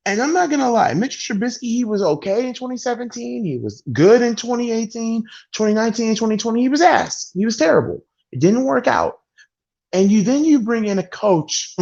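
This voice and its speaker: Gravelly and darkish, his voice sits high as he complains about his football team in a sports vlog. He's blunt and fed up, sighing heavily, and the audio is dull and lo-fi.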